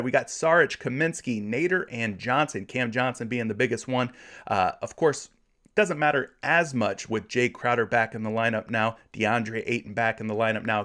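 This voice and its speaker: He's in his thirties, from Florida, and his voice is medium-pitched and a bit bright. Hosting a relaxed sports betting livestream, he chats amiably while reading viewer comments out loud.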